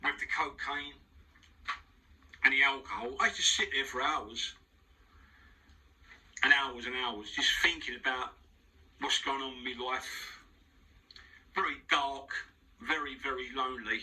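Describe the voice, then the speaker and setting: A man's voice: medium pitch, pushed and bright, distant mic, rough recording. A man with a London accent, talking frankly as an interview guest in a studio, rambling with many restarts. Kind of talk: casual spoken monologue. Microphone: wearing headphones.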